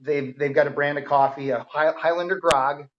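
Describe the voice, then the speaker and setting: A man's voice: fairly high pitch, fairly even intonation, normal speed. A man, a firefighter guest on a podcast, telling stories in a casual, enthusiastic way. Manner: enthusiastic storyteller, many ums and restarts. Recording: dull lo-fi audio.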